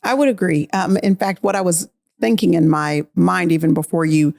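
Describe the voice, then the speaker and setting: A middle-aged woman guest on a faith podcast, giving thoughtful, measured, encouraging advice. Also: on the low side, creaky, darkish tone. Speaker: podcast guest, Bible teacher. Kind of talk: casual faith podcast conversation.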